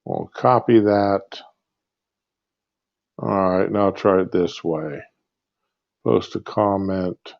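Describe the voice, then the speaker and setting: A lowish-voiced man rants off the cuff, rambling, halting and filled with "uh"s. He talks into a phone earbud mic, so the sound is dull and lo-fi. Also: vocal fry. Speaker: livestream host. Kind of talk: impromptu rant. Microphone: earbud with built-in mic on a phone.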